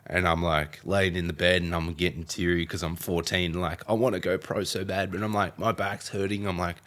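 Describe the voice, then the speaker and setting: A man's voice: sits low, little pitch movement, fairly quick, few pauses, fairly bright tone. A young Australian man with an Australian accent, candidly recounting his story in a documentary interview. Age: young adult. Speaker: documentary subject.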